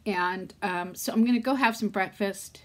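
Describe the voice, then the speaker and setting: A woman's voice: medium pitch, normal speed. A middle-aged woman talking candidly to her vlog audience, rambling and talking herself through a hard day while near tears. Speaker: vlogger. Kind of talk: casual vlog talk.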